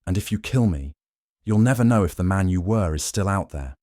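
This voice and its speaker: A man voicing a cold, smug male villain mastermind in an audio story, speaking smoothly. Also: sits low, animated, fairly quick, dark tone, no room sound, studio quality. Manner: silky, smug.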